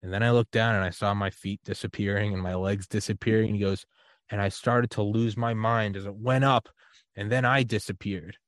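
Lively, storytelling male podcast host. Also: on the low side, normal speed, dry recording, studio quality. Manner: animated storyteller, acts out quoted voices. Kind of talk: casual conversation.

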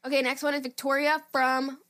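A woman co-hosting a podcast in casual chat, excitable, laughing a lot and swearing freely. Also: high voice, brisk, no echo, studio quality. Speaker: podcast co-host.

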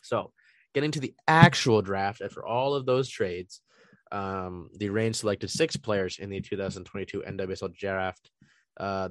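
Man, lowish voice, dry close sound, casual solo recap with lots of filler words. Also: no echo. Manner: conversational, frequent ums and uhs, thinking aloud.

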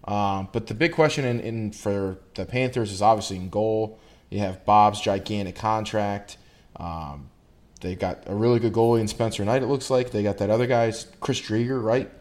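A man with a fairly low voice co-hosts a casual sports podcast. His talk is relaxed and rambling, full of little fillers and restarts as he goes. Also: moderate pace. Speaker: podcast co-host.

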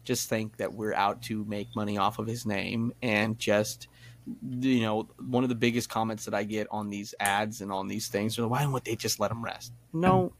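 A man's voice: lowish voice, normal speed. A man chatting casually as a podcast guest over a video call, rambling with lots of fillers and restarts. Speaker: podcast guest, tribute performer. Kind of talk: casual chat.

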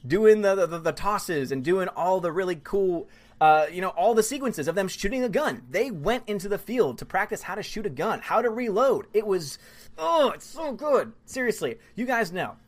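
A man hosting a live stream, reading viewer comments aloud and chatting about films in a fast, gushing, excitable way. He is a student who also does musical theater. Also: high-pitched. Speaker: livestream host reading chat. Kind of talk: casual live-stream chat.

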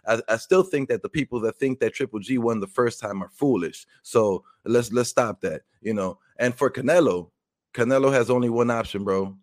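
A man's voice: mid-range voice, normal speed, no echo, studio quality. A man co-hosting a casual boxing talk show, giving blunt, opinionated takes. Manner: opinionated, frank, with restarts.

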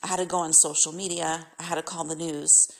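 This middle-aged Californian podcast host has a low, creaky voice and a level tone, talking fairly quickly. Still, her rant is emphatic and exasperated, circling back to the same complaints as she vents her frustration.

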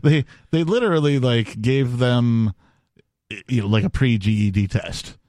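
A man's voice: medium pitch, unhurried, a little mellow, no echo, studio quality. A man hosting a talk radio show, chatting casually with lots of laughter and fillers. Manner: laughs often, rambling with filler words. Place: radio studio.

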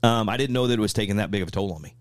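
A man's voice: fairly low pitch, rapid-fire, dry recording, clean studio sound. A middle-aged man, telling a personal story as a podcast guest and acting out what others said. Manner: animated, acts out what others said. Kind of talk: casual storytelling.

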